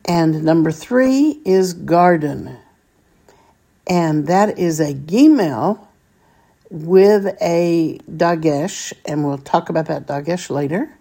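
A woman teaching a vocabulary lesson, deliberately spelling out each word and repeating it for practice. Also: deep voice, warm tone. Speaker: Hebrew teacher.

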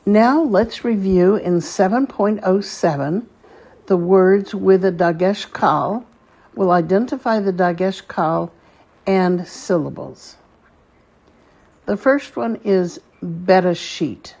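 Slow, gravelly-voiced woman teaching. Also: mid-range voice, a little mellow. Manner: patient, repeats words slowly for learners. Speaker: Hebrew teacher. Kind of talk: slow spoken lesson.

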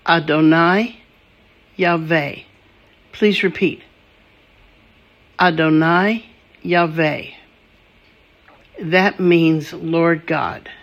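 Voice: mid-range voice, fairly even intonation, extremely slow, pauses often, a bit bright, dull audio. A language teacher running a patient vocabulary drill, saying each word and asking the listener to repeat it.

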